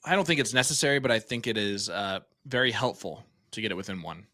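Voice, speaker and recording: A man's voice: lowish voice, lively intonation, quick pace, sharp tone. A man doing live darts commentary, cracking jokes and teasing banter between throws.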